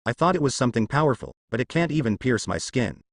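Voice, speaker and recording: A man's voice: medium pitch, expressive, quick pace, husky, no echo, clean studio sound. A man voicing a hulking, boastful male rhino-man villain in a read-aloud story, with a mocking, blustering manner.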